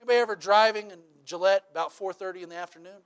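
A man's voice: sits high, racing, smooth. A man preaching a sermon in a casual, conversational way, often checking in with "right?" and telling stories with humor. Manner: conversational, checks in with rhetorical questions; animated storytelling with humor. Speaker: pastor.

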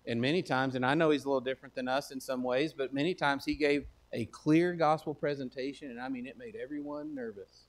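A man's voice: medium pitch, fairly even intonation, fairly quick, hardly any pauses. A man with a Texan accent preaching a sermon in a folksy, conversational way that swells into emphatic declarations. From Texas. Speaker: pastor.

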